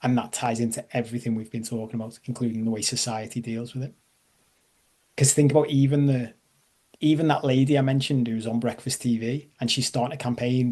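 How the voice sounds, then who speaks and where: Mellow-voiced man coaching live. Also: mid-range voice, husky. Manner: conversational, self-deprecating humor, checks in with audience. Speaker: life coach. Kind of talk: live online masterclass talk.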